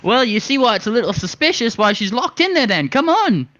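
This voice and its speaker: A man voicing a brash adult male flying pony hero who pleads loudly and flatters. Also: very high voice, brisk, no room sound, voice pushed up, heavily acted. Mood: pleading. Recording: dull lo-fi recording.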